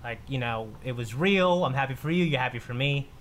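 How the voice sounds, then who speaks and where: A man's voice: medium pitch, brisk. A man in his thirties co-hosting a casual podcast, telling stories with laughs and restarts. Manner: animated storyteller, laughs often, repeats himself. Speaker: podcast co-host. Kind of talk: casual group chat, storytelling.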